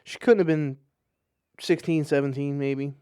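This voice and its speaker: A man's voice: on the high side, steady tone, unhurried, dark tone, clear, resonant tone, no room sound, studio quality. A middle-aged man co-hosting a parenting podcast, telling stories in a laid-back way with many fillers. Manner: laid-back, fillers like uh, acts out quoted voices. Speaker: podcast co-host. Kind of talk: casual storytelling.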